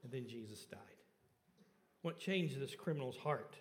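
A man preaching a sermon to his congregation and asking them questions, rising for emphasis and then dropping low and soft on key points. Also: expressive, unhurried, long reverb tail, a little hiss or hum. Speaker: pastor. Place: church sanctuary.

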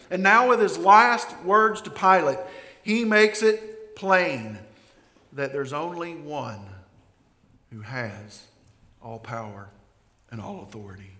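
Male pastor, slightly high, emphatic sermon delivery, reverberant sanctuary sound. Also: lively intonation, unhurried. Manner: emphatic preacher, swings from hushed to loud. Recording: echoey hall.

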